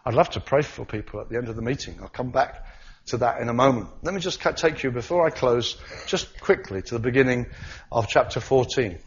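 A preacher in mid-sermon, his voice of middling pitch. He lurches from loud exclamations down to soft, quiet remarks. The recording sounds a little dull and muffled. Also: lively intonation, a little fast. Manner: swings from loud cries to quiet asides.

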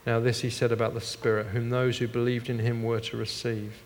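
A middle-aged man preaching a sermon as pastor, moving between hushed, earnest passages and animated, laughing stories. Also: medium pitch, fairly quick, a little hiss or hum. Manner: animated storytelling with laughs and shifts from hushed to loud. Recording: long hall reverb.

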